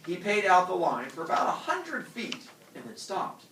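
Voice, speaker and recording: A man teaching a class, reading a story aloud in an animated way and stopping to explain words and quiz the students. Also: high-pitched, moderate pace, noisy background. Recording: echoey classroom from far off.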